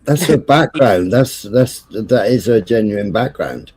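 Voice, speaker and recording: Brief: husky-voiced host, swings his pitch a lot, profane repetitive ranting. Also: animated, unhurried, a little mellow. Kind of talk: casual chat.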